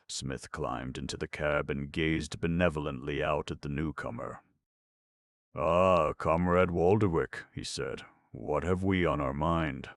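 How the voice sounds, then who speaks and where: A man narrating an audiobook in a measured, dry storytelling manner. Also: a bass voice, no echo. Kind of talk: scripted narration.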